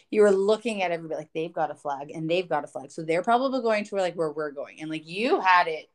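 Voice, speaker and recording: A woman telling a travel story to her mother in casual chat, quoting others and laughing often. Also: lowish voice. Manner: animated, quotes others in acted voices, laughs often. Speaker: co-host, daughter.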